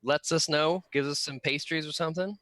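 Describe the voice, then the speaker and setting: A man's voice: fairly high pitch, brisk, no room sound. A man playing a tabletop role-playing game in casual chat, joking playfully. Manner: playful, jokey, lively.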